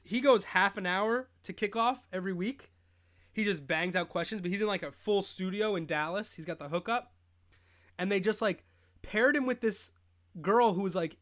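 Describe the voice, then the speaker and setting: A young man with a noticeably high-pitched voice hosts a live fantasy football stream. He talks in a loose, rambling way, cracking jokes and laughing often. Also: fairly bright tone. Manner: rambling, joking, sings snippets, laughs often. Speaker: host. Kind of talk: casual live-stream chat.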